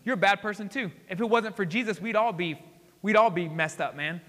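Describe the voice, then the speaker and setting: High, bright-voiced excitable male pastor. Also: fairly quick. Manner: excitable, swings between loud exclamations and hushed asides. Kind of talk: sermon. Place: church sanctuary. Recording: hall reverb.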